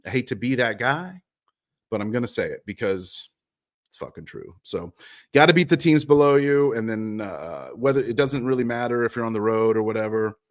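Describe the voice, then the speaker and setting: A man's voice: mid-range voice, animated, moderate pace. A man hosts a live soccer talk show in an easy, rambling way. He keeps doubling back on his words, teases himself and swears now and then. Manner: rambling, profane, self-mocking. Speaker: podcast host. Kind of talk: casual live soccer chat.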